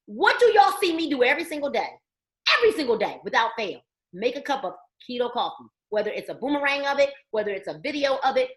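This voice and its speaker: High-pitched woman hyping up a sales team, preachy and punchy, echoey room. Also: fairly bright tone. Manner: emphatic, preachy, asks the audience questions. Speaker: network marketing trainer. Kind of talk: motivational training talk. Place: indoor room.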